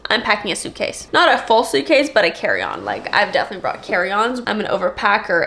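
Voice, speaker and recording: A young woman chatting casually to camera in a packing vlog, playful and quick to laugh, recorded at home. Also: medium pitch. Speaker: vlogger.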